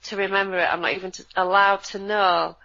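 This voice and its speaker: A woman, co-hosting in a sardonic, animated casual chat. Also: medium pitch, a little fast, creaky. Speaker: co-host. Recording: dull lo-fi audio.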